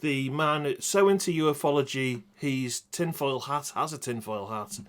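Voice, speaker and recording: A man's voice: mid-range voice, measured pace, a bit bright. A man hosting a crude comedy podcast, teasing his co-hosts in a mock-dramatic, sweary way. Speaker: podcast host.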